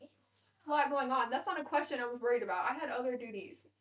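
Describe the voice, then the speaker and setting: A woman's voice: high voice, fairly quick, a bit bright. A woman in her late twenties co-hosting a podcast, chatting casually in a blunt, jokey way and swearing freely. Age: late 20s. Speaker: podcast co-host. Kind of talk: casual chat.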